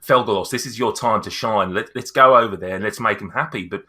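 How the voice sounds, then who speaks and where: Guy doing a clumsy rambling bar local, keeps tripping over his words, lowish voice. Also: a little fast, sharp tone, husky. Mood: eager. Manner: rambling, apologetic, stammering. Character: clumsy, overeager male tavern local.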